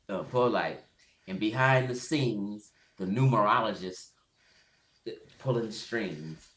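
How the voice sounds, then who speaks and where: A man's voice: lowish voice, a bit bright, echoey room, a little hiss or hum. A man giving blunt, profane commentary on a livestream, laughing often as he goes.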